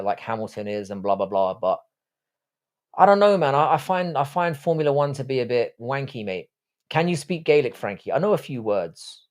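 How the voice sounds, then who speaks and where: A man's voice: mid-range voice, darkish tone. A middle-aged man with a posh English accent, hosting a casual live stream with rambling, sweary chat. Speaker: livestream host.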